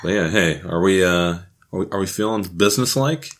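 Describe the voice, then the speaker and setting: A man's voice: low voice, fairly quick. A man co-hosting a casual podcast, trading teasing and sarcastic banter. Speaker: podcast co-host. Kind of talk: casual chat.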